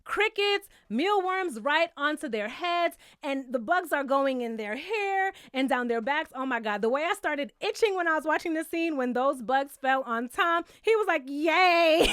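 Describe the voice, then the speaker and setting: A woman's voice: high-pitched, lively intonation, normal speed, few pauses, fairly bright tone, dry recording, studio quality. A woman giving a casual, blunt and sassy recap of a reality TV episode, swearing freely, laughing at her own jokes and calling her viewers "child".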